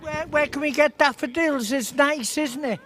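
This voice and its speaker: Proud North Welsh ex-boxer. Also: male voice, very high-pitched, normal speed, a bit bright, slight background noise. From Bangor, Wales. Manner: blunt and proud. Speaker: guest, former boxer.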